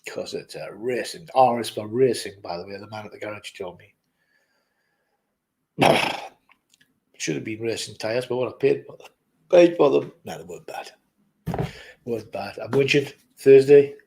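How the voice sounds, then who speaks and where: A man's voice: medium pitch, normal speed, creaky, long pauses, dark tone, poor audio. A man at his office desk, chatting casually to camera in a jokey, rambling way with muttered asides. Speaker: vlogger.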